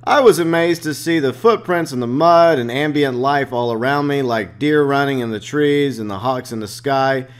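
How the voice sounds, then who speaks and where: A man who runs a gaming channel, reading out game previews and adding excitable, joking asides. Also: medium pitch, normal speed, few pauses, clear, resonant tone. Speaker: gaming YouTuber.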